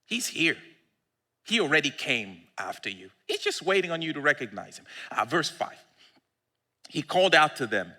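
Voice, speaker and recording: A male pastor preaching a sermon in an animated, fervent way, often laughing at his own points. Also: on the high side, normal speed, long reverb tail. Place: church.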